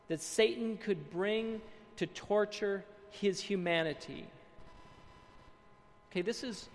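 A man preaching a sermon, reading quotes aloud, then explaining them with dramatic pauses and hushed emphasis. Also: high-pitched, gravelly, long reverb tail, slight background noise.

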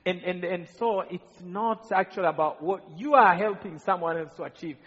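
A man from Rwanda preaches, telling his testimony as a story full of quoted voices and restarts. His voice sits high and a little husky. The sound is dull and lo-fi, with the long echo of a large hall. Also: moderate pace, a bit bright. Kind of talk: sermon testimony.

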